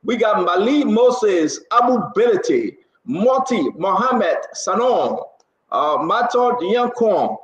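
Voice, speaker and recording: Man, live show host, high-pitched, teasing, echoey muffled room. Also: takes it slowly. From Liberia. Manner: teasing, lively shout-outs. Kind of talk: live show, greeting viewers.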